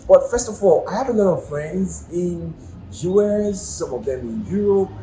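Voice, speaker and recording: A man with a Nigerian accent gives a casual video lesson and often asks the viewer questions. His voice sits a little high for a man. The room is echoey, with a faint hum of ambient noise behind him. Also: lively intonation, moderate pace, mellow. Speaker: language teacher.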